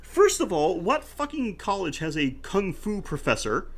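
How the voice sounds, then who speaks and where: Animated, cursing horror podcast co-host. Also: medium pitch, moderate pace. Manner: animated, swears freely, laughs often. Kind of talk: casual movie-recap chat.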